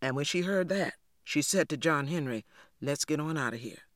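A man voicing a gossipy older Southern churchwoman in a storybook reading, telling a story in a chatty, animated way. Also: on the high side, normal speed, no echo, clean studio sound. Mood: gossiping.

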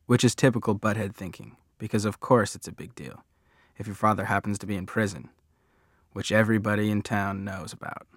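A man narrates a first-person story with a conversational, wry touch. His voice sits a bit low. The sound is close and dry, like a booth with no room echo. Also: steady tone, fairly quick, breathy edge.

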